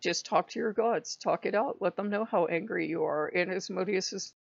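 A woman rambles through a casual vlog monologue, blunt and full of swearing, with a gravelly, fry-edged voice at an ordinary pitch. The recording is dull and lo-fi, with dry, close sound. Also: normal speed, dry recording. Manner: blunt, profane and rambling, with laughs. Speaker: spiritual YouTuber.

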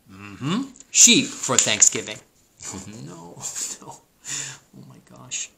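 Gravelly, lively man reading a picture book. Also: medium pitch, slow, a little hiss or hum. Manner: amused, chuckling asides while reading. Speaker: teacher. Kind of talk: children's picture-book read-aloud.

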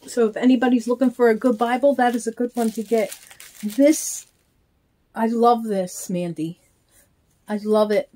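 A woman's voice: on the high side, steady tone, warm tone. A middle-aged woman chatting casually while opening mail, speaking in a heartfelt, grateful way. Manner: slow, heartfelt, gushing with thanks. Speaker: reborn doll vlogger. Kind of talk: casual chat, unboxing.

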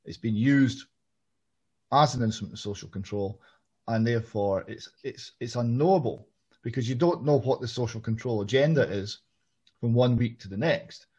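Husky-voiced man interviewing. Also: medium pitch, moderate pace, darkish tone. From Scotland. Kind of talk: political interview. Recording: muffled lo-fi audio.

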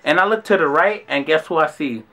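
A young man with a New York accent tells a story with lots of slang and swearing. His voice sits high for a man, with a bright, forceful edge. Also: brisk. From Brooklyn, New York. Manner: animated, slangy and profane. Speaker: vlogger. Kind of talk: casual storytelling.

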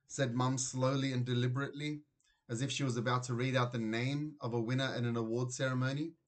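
A man narrating a children's storybook aloud in an expressive reading voice. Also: mid-range voice, brisk. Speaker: reader.

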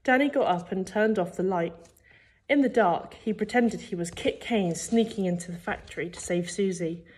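A woman's voice: medium pitch, normal speed, slightly rough. A woman teacher reading a children's book aloud, telling the story expressively. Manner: expressive storytelling, acting out the characters. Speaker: primary school teacher.

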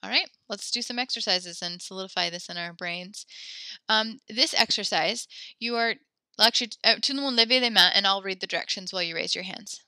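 A woman teaching a French class, giving brisk instructions that mix English and French and often correct herself mid-sentence. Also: mid-range voice, sharp tone, no room sound.

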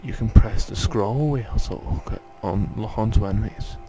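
A man voicing a gruff, condescending male tutorial instructor in a video game, barking instructions in a wandering mock Scottish accent. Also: lowish voice, a little slow, warm tone, slight background noise. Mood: bossy.

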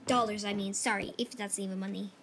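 A woman's voice: medium pitch, steady tone, fast talker, fairly bright tone, a little hiss or hum, pitched below the performer's own voice, close to an everyday voice. A woman voicing a flustered, apologetic shop cashier in a toy role-play. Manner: fumbling, apologetic.

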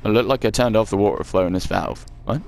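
A man's voice: fairly low pitch, quick pace, vocal fry, a little mellow, slight background noise. A man chatting self-mockingly as he plays through a game, swearing now and then. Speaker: let's play gamer. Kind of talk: casual gameplay commentary.

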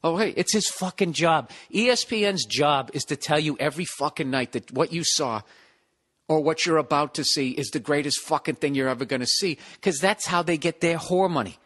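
Man, podcast host, sarcastic profane rant, slightly high voice. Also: normal speed. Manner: profane, sarcastic, animated ranting with mocking impressions. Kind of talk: solo rambling podcast monologue.

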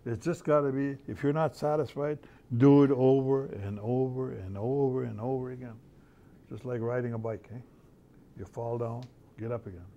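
A man's voice: mid-range voice, steady tone, normal speed, mellow, highs cut off. An older man, an artist talking casually to schoolchildren in a folksy, storytelling way, often repeating his phrases. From Canada. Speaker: visiting artist.

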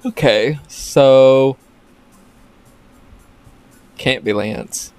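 A man with a gravelly, fry-laced voice at a mid pitch chats casually over gameplay. He rambles, restarts sentences and cracks jokes in a relaxed commentary. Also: measured pace, long pauses. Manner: joking, rambling, self-interrupting. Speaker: gaming channel host. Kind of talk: casual let's play commentary.

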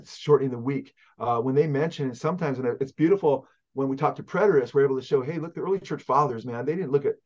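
A pastor from California speaks as a guest, teaching in a fervent, halting way with many fillers. His mid-pitched voice comes through a muffled, lo-fi connection. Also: darkish tone. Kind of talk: conversational teaching on prophecy.

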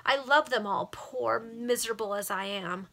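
A woman's voice: medium pitch, brisk, fairly bright tone, close to an everyday voice. A woman voicing a distraught poor mother who pleads tearfully.

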